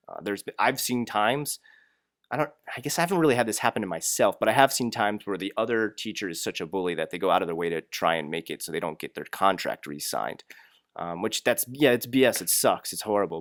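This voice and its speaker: A man's voice: on the low side, a bit bright, no echo, clean studio sound. A young man who teaches English, giving blunt and frank workplace advice in a casual vlog, ranting and swearing freely.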